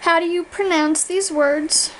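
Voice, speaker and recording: A young American woman with a high, bright-pitched voice talks through an accent challenge in a loose, chatty vlog manner. She rambles, laughs at her own slips and corrects herself as she goes. A faint hum of noise sits under her voice. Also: fairly even intonation, measured pace, poor audio. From Virginia, USA. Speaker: vlogger.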